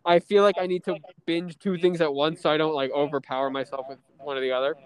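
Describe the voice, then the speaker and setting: A man's voice: fairly high pitch, fairly even intonation, fast, poor audio. A man chatting casually outdoors, rambling through stories with a friend.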